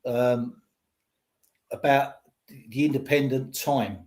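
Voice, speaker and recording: A man's voice: mid-range voice, fairly even intonation, slow pace, a little mellow. An older man, a podcast host giving rambling, opinionated football talk. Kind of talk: casual football chat.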